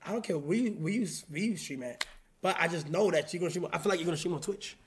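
A young man streaming, chatting loudly and joking in slang with friends. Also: a little high, fast talker. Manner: loud, joking slang-heavy banter. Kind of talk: casual chat with friends on a livestream.

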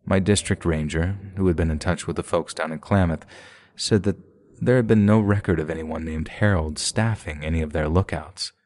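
A man narrating a first-person horror story in a steady, measured way. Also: sits low.

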